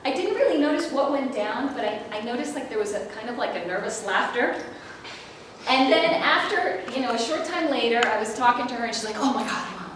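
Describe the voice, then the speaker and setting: An intercultural trainer runs a workshop for a group in an echoey room, speaking fairly quickly in a slightly high voice. She's lively, laughs easily and often, and keeps asking the audience questions, all captured from a distance over some background noise.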